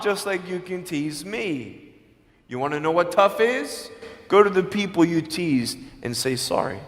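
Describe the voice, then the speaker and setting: A man giving an emphatic motivational speech to a school audience, swinging between hushed and loud. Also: on the high side, expressive, moderate pace, vocal fry. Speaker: motivational speaker. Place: large school hall. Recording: echoey hall reverb.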